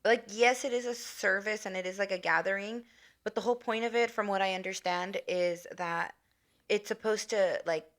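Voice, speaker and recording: A woman's voice: medium pitch, steady tone, moderate pace, a bit bright. Woman chiming in supportively. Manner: supportive listener finishing his sentences. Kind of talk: casual chat.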